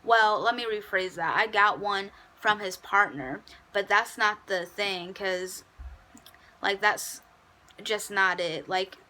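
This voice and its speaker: Young woman, casual storytime, sassy, chatty, bright edgy voice. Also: mid-range voice, slow, low-quality recording. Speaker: vlogger.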